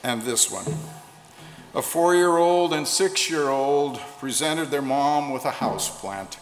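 A man preaching a sermon and leading prayer, slowing down to stress key phrases. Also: medium pitch, music in the background. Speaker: pastor. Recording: echoey hall with long reverb.

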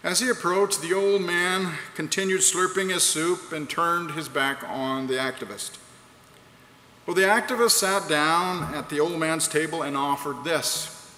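Earnest guy preaching, bright clear voice a bit high, big roomy hall sound. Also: measured pace. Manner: earnest, rhetorical, reads quotes aloud. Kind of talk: sermon. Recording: echoey hall, faint background noise.

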